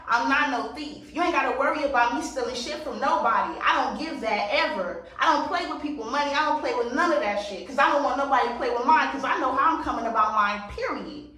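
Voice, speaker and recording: A woman's voice: high-pitched, bright, forceful tone, recorded from a distance. A woman vlogger telling a story in a casual get-ready-with-me chat, blunt, profane and emphatic. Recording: very echoey room, voice set back from the mic.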